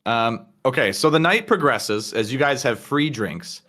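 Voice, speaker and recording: A man's voice: mid-range voice, expressive, measured pace, sharp tone. A man narrating a tabletop game as game master, casual, with many fillers.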